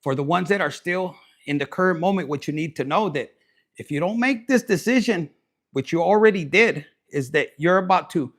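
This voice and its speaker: A man's voice: on the high side, animated, moderate pace. Crude, joking man reading tarot. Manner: crude, joking, mixes in Spanish slang. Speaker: tarot reader.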